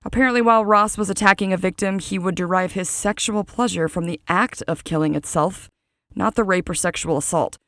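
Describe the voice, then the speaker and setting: A woman's voice: medium pitch, brisk, fairly bright tone, no room sound, studio quality. A woman hosting a true crime podcast, reading a script and adding casual personal asides.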